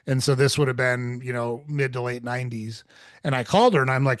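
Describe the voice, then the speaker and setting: A man's voice: mid-range voice, fairly quick, no room sound. Podcast host, man, 40s, blunt and casual, swears freely, dry recording. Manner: candid, swears freely, animated when quoting. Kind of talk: casual storytelling conversation.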